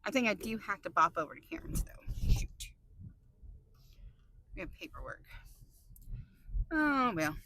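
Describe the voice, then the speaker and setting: A woman vlogger chatting excitably while driving her car, laughing often. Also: mid-range voice, a little slow, pauses often, a little hiss or hum, low-quality recording. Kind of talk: casual chat while driving.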